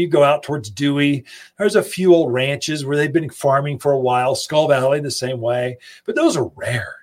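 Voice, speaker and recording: A man with a slightly high, slightly mellow voice hosts a gardening radio show. Speaking into a studio microphone, he gives folksy, chatty advice directly to his listeners.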